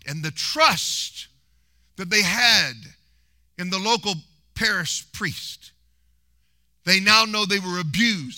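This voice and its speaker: A man preaching a sermon in a church, telling history as an animated, humorous story and mimicking voices. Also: high voice, no room sound.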